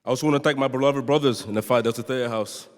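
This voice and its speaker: Young man, London accent, earnest chapel speech, mid-pitched voice, long hall reverb. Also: rapid-fire. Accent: London English. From London, born in Nigeria. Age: young adult. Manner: earnest, banters with the audience. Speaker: student speaker. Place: large chapel.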